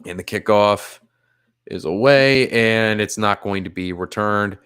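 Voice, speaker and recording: A man streaming live play-by-play commentary, narrating the game in a measured, plain way. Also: lowish voice, a bit bright, smooth.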